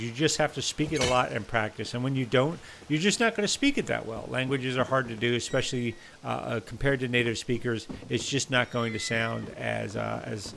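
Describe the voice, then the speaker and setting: Casting: American male game streamer, casual and rambling, gravelly edge, faint hum behind. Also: mid-range voice. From United States. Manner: chatty, rambling, many fillers and restarts. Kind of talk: live-stream gameplay commentary.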